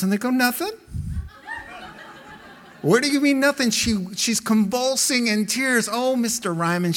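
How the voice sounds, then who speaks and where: A middle-aged male pastor preaching a sermon, telling stories in an animated, emphatic way. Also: sits high.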